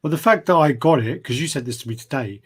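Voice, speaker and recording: A man's voice: a little high, animated, fast, slightly rough. A man co-hosting a casual chat, frank and mocking, acting out what others said. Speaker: co-host. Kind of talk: casual chat about collectible statues.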